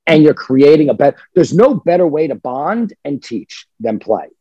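Male dog trainer, husky and a little high, emphatic podcast chatter in a dry room. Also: moderate pace, dry recording, dull audio. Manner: emphatic, animated, acts out dog voices. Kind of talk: casual podcast chat.

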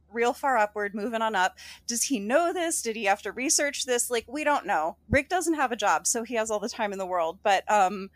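A young woman co-hosting a casual book podcast, sarcastic and animated, swearing freely. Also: a little high, dry recording. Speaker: podcast co-host. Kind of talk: casual book-club chat.

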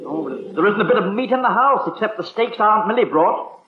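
A wry butler. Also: male voice, high voice, animated, fairly quick. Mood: dry. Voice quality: polite, formal and wry. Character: prim, dry-witted English butler, adult man. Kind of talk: 1950s radio sitcom acting. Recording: dull, roomy 1950s radio broadcast.

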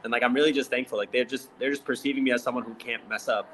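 A chatty man talks casually about his time on a reality show, laughing now and then. His voice is bright and forward. There is a faint hiss of noise behind him. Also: mid-range voice, fairly even intonation, racing. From Indian heritage. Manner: chatty, laughs often, many "like" fillers. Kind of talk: casual interview chat.

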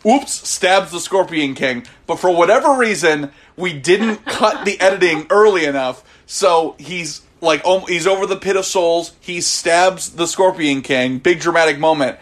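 Brief: male podcast co-host, slightly high voice, dry wry recap. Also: expressive, moderate pace, hardly any pauses, a bit bright. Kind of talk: casual movie recap chat.

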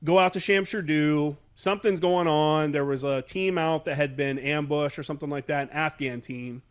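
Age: adult. Sex: man. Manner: rambling, profane storyteller. Pitch: fairly high. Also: steady tone, moderate pace, clear, resonant tone. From United States. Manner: rambling, profane, backtracks while recalling. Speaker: podcast guest, Marine veteran. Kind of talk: casual war storytelling interview.

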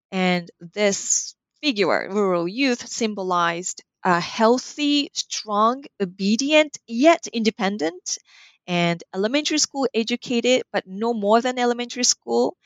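A woman author answering interview questions in a measured, explanatory way, now and then correcting herself mid-word. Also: medium pitch, no room sound.

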